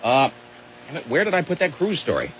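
A man's voice: on the high side, wildly swooping pitch, brisk, a bit bright. A man hosting a radio show, reading news stories aloud with sarcastic, mocking asides. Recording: muffled radio sound with faint noise.

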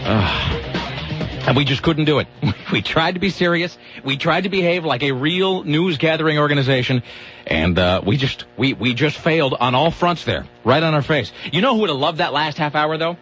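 A man's voice: on the high side, lively intonation, a bit bright, soft background music. A man hosting a talk radio show, rambling and mocking himself in casual banter. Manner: rambling, self-mocking, quick restarts. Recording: dull lo-fi radio audio.

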